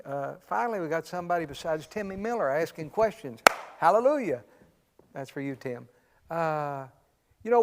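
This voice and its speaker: A gravelly, somewhat high voice belongs to a middle-aged pastor fielding questions in a relaxed, folksy way. He cracks jokes and frequently says "man," with a long hall reverb on the recording.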